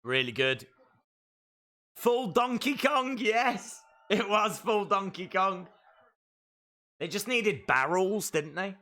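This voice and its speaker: A man hosting a live wrestling watch-along, calling the action and breaking into excited shouts. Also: sits high, slow pace, long pauses. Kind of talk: live wrestling reaction commentary.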